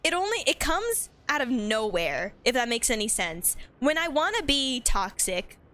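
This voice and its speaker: A woman's voice: a little high, very animated, moderate pace, bright, forceful tone, faint music behind. A woman streaming a game, chatting casually with giggly, rambling trash talk. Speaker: gaming streamer. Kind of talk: casual live-stream chat.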